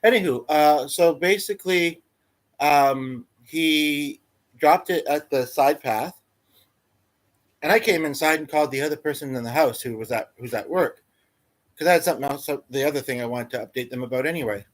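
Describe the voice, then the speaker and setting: A man's voice: fairly high pitch, normal speed. A man hosting a casual livestream, telling a meandering everyday story full of fillers and restarts. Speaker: livestream host. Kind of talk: rambling casual livestream chat.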